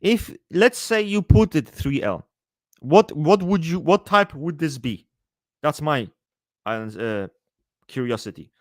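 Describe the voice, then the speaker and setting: A man chatting casually on a live stream, answering his chat in a profane, rambling, animated way. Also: fairly high pitch, slow pace, no room sound, studio quality.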